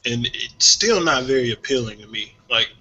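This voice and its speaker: A man on a casual music talk show, airing strong views about artists with lively energy. His tone is bright and forceful, and the recording sounds dull and lo-fi. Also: mid-range voice, normal speed. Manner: opinionated, animated, laughs often. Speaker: podcast co-host.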